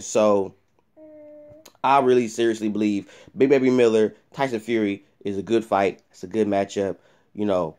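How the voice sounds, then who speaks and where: A man's voice: fairly low pitch, a little mellow. Heated profane man ranting about boxing. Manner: profane, heated, repetitive rant. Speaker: boxing vlogger. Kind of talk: ranting commentary to camera.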